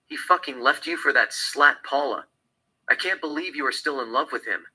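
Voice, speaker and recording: A man's voice: fairly high pitch, sharp tone, slightly rough, heavily acted, low-quality recording. A man reading the lines of a distraught woman in rehab in his own plain voice.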